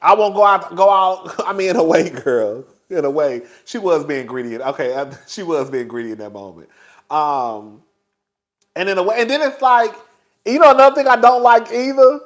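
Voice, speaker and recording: A man with a high voice runs a casual gossip livestream, laughing as he talks. He is sassy and profane, keeps calling the chat "girl", and speaks. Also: normal speed. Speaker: YouTube commentary host.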